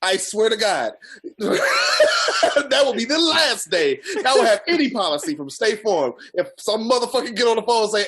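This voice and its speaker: A man's voice: high voice, huge pitch swings, moderate pace, fairly bright tone, slight background noise. A man co-hosting a podcast, ranting in heated, profane casual chat. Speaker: podcast co-host.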